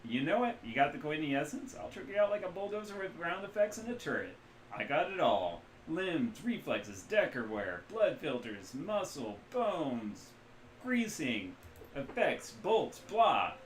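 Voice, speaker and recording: A man voicing a cheerful, hungover, middle-aged male back-alley doctor with a loud, folksy Midwestern accent and a boastful manner, in a roomy-sounding room. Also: a little high, very animated, measured pace, slight background noise, pitched above the performer's own voice. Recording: roomy echo.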